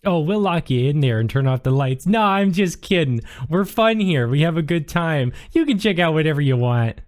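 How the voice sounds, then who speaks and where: A man's voice: fairly high pitch, lively intonation, normal speed, pitched above the performer's own voice, natural voice. A man putting on a chirpy sweet librarian lady. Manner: chirpy, overly cheerful with a dark joking streak. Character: sweet-looking woman librarian, cheerful.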